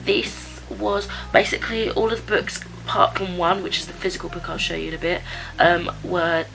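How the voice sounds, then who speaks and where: A woman with a raspy, stuffed-up voice from a cold, chatting casually through a book review with lots of fillers and restarts. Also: on the low side, normal speed, a bit bright, poor audio. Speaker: book vlogger. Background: background music.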